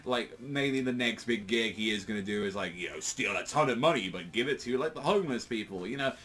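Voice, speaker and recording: A man's voice: mid-range voice, lively intonation, brisk, a bit bright. A man giving a casual, rambling manga chapter review, full of filler words and swearing.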